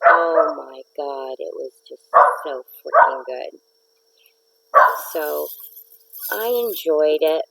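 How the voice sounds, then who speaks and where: Slow, gravelly-voiced chatty woman. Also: sits low, heavy background noise. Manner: chatty, rambling, talks to commenters by name. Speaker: live stream host. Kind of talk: casual live chat to viewers. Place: at home. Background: neighbor's dog barking.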